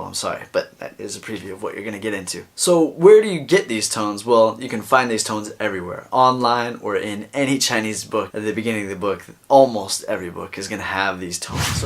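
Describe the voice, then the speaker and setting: Brief: young male vlogger, low-ish voice, chatty and emphatic, casual teaching tone. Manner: chatty, emphatic, with mocking quoted asides. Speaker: Chinese learning vlogger. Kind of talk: casual video lesson.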